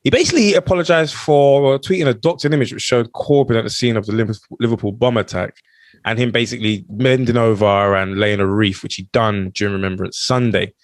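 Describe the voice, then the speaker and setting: A man's voice: medium pitch, fairly quick, no echo. A man co-hosting a casual podcast, joking around and laughing often. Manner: jokey, laughs often, puts on mock voices. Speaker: podcast co-host.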